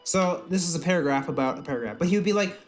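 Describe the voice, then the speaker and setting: A man co-hosting a podcast in casual chat, animated and profane, often laughing. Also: on the high side, rapid-fire, soft background music. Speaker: podcast co-host.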